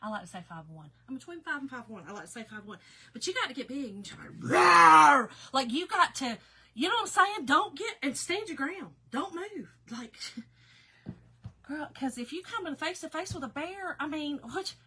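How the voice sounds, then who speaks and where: Woman, 50s, a bit hoarse, bright voice, chatty live-stream crafter. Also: sits high, sing-song, moderate pace. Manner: chatty, talks to viewers by name, laughs often. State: slightly hoarse, recovering. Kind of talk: casual live-stream chat while crafting.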